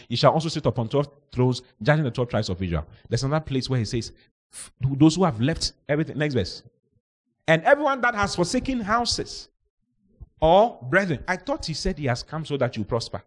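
Animated husky-voiced preacher man. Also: mid-range voice. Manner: animated, shouting out and acting out Bible characters. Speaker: pastor. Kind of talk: sermon.

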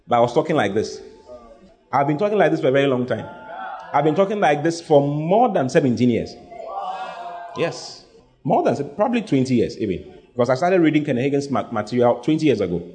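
A man's voice: medium pitch, darkish tone. A man preaching a sermon, speaking emphatically, repeating his lines and having the congregation say them back. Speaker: pastor.

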